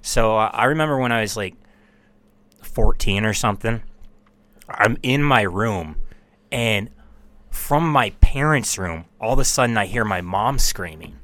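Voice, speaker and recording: A man with a fairly low voice, chatting casually as a podcast co-host. He tells long, rambling anecdotes and swears freely. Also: animated, unhurried, pauses often, a bit bright, dry recording. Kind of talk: casual chat.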